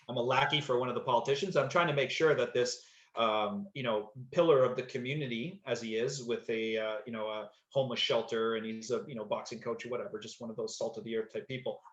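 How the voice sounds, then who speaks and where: A man's voice: medium pitch, fairly even intonation, a little fast, fairly bright tone. Rambling man telling an anecdote. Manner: rambling, many fillers and restarts. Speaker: actor, podcast guest. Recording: slightly dull echoey room sound.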